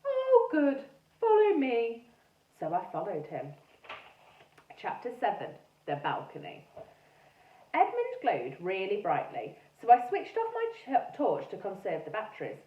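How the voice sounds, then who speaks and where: A woman teacher reading a storybook aloud in a lively, animated way. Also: lowish voice, a little slow. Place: classroom or school room. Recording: echoey room, mic far off, dull sound.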